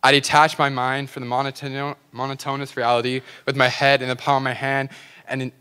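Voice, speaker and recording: Smooth-voiced teen boy reciting poetry. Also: mid-range voice, level tone, a little fast, sharp tone. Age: teens. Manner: earnest, dreamy recitation with small stumbles. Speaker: student slam poet. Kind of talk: spoken word poetry.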